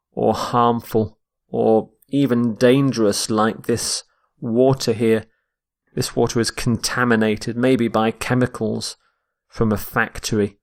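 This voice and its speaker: A man giving a vocabulary lesson at an unhurried, careful pace. He speaks in a mid-pitched voice and says each word twice, pausing so learners can catch the stress. His delivery is patient and methodical. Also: steady tone. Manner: deliberate, repeats each word to stress its syllables. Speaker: English teacher. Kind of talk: slow, explained vocabulary lesson.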